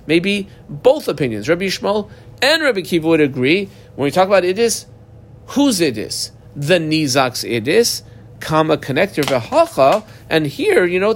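A man's voice: on the high side, a little hiss or hum. A man teaching a Talmud class, reading Aramaic lines aloud and then explaining them in plain English.

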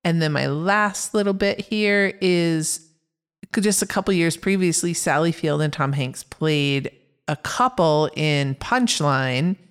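A woman's voice: low voice, takes it slowly, clean tone. A woman co-hosting a casual podcast chat, reading out film facts in an upbeat way. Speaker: podcast co-host.

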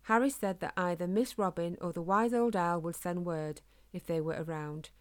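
A woman reading a children's storybook aloud in a calm, gentle, steady way. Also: on the low side, normal speed. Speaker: narrator.

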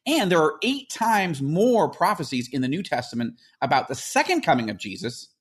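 A man's voice: fairly high pitch, sing-song, moderate pace, breathy edge. A man hosting a podcast, explaining earnestly in casual talk, with fillers and restarts. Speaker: podcast host.

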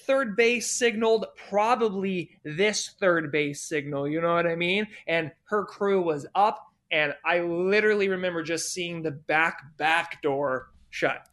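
A young man with a high voice, swearing freely as he rambles through a party story. He talks in an animated, unpolished way, full of asides and repeats. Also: measured pace, hardly any pauses. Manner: animated, profane, rambling anecdote-telling. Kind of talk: casual storytelling.

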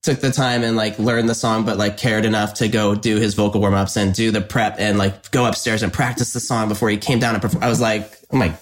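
A man's voice: on the low side, little pitch movement, brisk, few pauses. A man, a filmmaker guest, telling an anecdote with enthusiasm in a casual interview. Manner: enthusiastic anecdote teller, acts out quotes.

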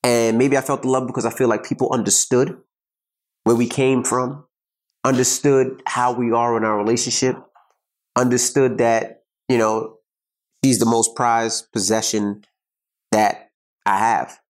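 A middle-aged man co-hosts a podcast in an easy, casual chat. He rambles and circles back on the same phrases as he hunts for his words. His voice sits at an ordinary, mid pitch. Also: little pitch movement, measured pace. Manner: rambling, repeats himself while searching for words. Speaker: podcast co-host.

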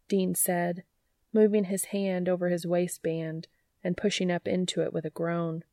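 Slow, gravelly woman narrator. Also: fairly low pitch, little pitch movement, dark tone, no room sound, clean studio sound. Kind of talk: audiobook narration.

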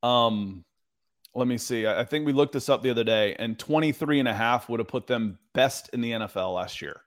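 Chatty middle-pitched male podcast co-host. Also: fairly quick. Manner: relaxed, chatty, many fillers. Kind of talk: casual sports podcast chat.

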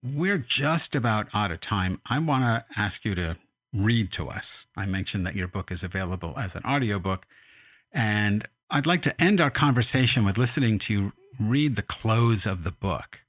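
A man interviewing an author in a calm, thoughtful manner, at times reading quotes aloud. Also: lowish voice, moderate pace, no echo. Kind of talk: radio interview.

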